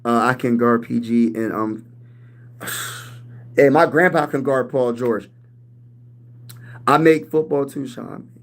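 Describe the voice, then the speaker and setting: A man's voice: mid-range voice, fairly even intonation, takes it slowly, pauses often. A man in his thirties hosting a casual live-stream sports talk show, hyped and slangy as he reads and answers chat. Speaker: sports channel host.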